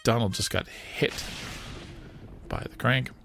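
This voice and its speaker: A man hosting a podcast, retelling a cartoon scene by scene in a casual, animated way with frequent chuckles. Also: medium pitch, slow, gravelly, soft background music. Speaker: podcast host.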